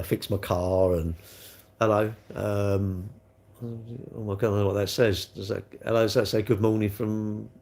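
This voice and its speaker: A middle-aged man rambling cheekily on a live stream, answering chat comments as he goes. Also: lowish voice. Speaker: livestream host.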